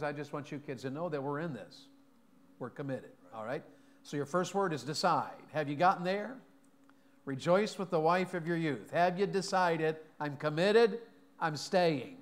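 A man preaching a sermon in a church, folksy and joking, often asking the congregation questions. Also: a little high. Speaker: pastor. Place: church sanctuary.

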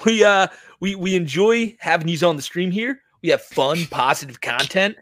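A man's voice: high voice, moderate pace, fairly bright tone, no echo. A man co-hosting a stream show in casual banter, rambling and swearing, often restarting his sentences. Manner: rambling, profane, restarts a lot. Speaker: co-host of a parody stream show.

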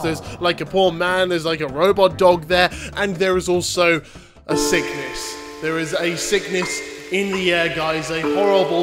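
A young man with a cold doing energetic, jokey let's-play commentary, swinging between loud theatrical outbursts and mutters. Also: high-pitched. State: has a cold. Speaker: gaming YouTuber.

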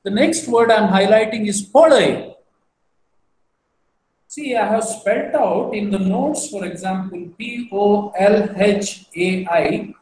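A man's voice: high-pitched, takes it slowly, a little mellow. A man giving a language lesson, patiently repeating each word and spelling it out. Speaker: language teacher. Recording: roomy echo, faint background hum.

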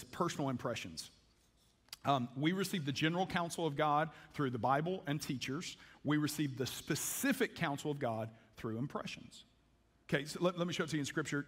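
A man's voice: fairly high pitch, fairly bright tone. A man preaching a sermon as pastor, folksy and emphatic, with frequent restarts and dropped grammar. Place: church sanctuary. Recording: long reverb of a church hall.

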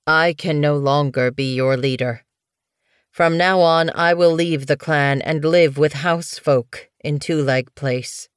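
A woman's voice: deep voice, clear, resonant tone, no room sound, studio quality. Woman voicing a weary old cat leader. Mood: solemn. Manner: calm, formal, measured. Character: weary male cat clan leader, resigned.

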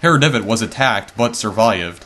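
A man reading the lines of a grave male investigator in a video game, in a measured, formal way. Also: fairly low pitch, expressive, sharp tone. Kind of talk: reading game text aloud.

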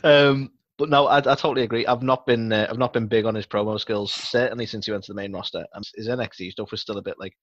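A man's voice: lowish voice, steady tone, fast talker, hardly any pauses. A man co-hosting a casual wrestling podcast, rambling and swearing as he reasons out his points. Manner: sweary, thoughtful, rambling with fillers. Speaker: podcast co-host. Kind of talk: casual wrestling review chat. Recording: dry, dull lo-fi mic.

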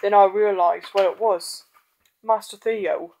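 A woman's voice: mid-range voice, steady tone, a little slow, a little mellow, poor audio. A woman voicing a polite, glum older butler who was once a soldier.

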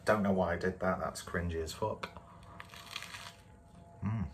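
A man casually reviewing food to camera from a home kitchen, in a relaxed, dry and self-mocking way. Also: deep voice, a little slow, pauses often, slight background noise. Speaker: food vlogger.

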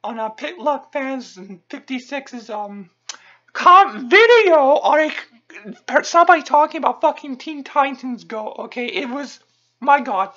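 A woman's voice: high voice, animated, unhurried, fairly bright tone. A woman host delivering a profane comic rant, angry and stammering, tacking on "okay?" after nearly every phrase. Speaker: channel host. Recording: dull lo-fi recording.

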